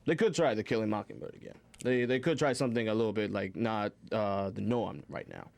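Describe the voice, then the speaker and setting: A man's voice: fairly low pitch, fairly quick, vocal fry, darkish tone, dry recording. A man co-hosting a college radio film show in the studio, chatting and presenting a countdown. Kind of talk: casual chat and read-out countdown.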